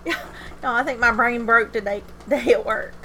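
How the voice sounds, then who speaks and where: Bright-voiced chatty woman streamer. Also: fairly high pitch, fairly even intonation, normal speed, slight background noise. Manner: candid, chatty, self-deprecating, laughs often. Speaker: game streamer. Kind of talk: casual livestream chat.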